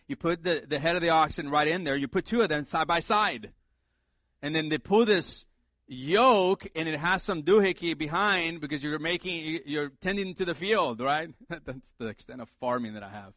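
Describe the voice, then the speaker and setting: A man's voice: on the high side, moderate pace, fairly bright tone, dry recording. A middle-aged male pastor preaching a sermon in a conversational, humorous way, repeating his key points for emphasis.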